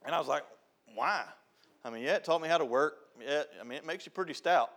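A man's voice: a little high, rapid-fire. A middle-aged man, preaching a folksy, joking sermon as a church youth director. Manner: storytelling, joking, shouts and laughs at punchlines. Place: church sanctuary.

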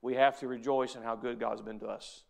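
A pastor preaches to his congregation, reading scripture in a measured way and then pressing his points with mounting fervor. His voice sits at an ordinary pitch for a man, with repeated phrases driving each appeal. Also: fairly even intonation, gravelly. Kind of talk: sermon.

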